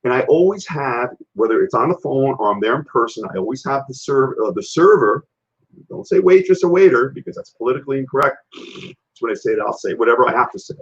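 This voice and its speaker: A man's voice: medium pitch, fairly quick. A man hosting a casual live-stream health show, telling blunt, rambling stories. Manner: rambling, animated, blunt storytelling. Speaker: health and fitness show host. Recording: dull lo-fi live-stream audio.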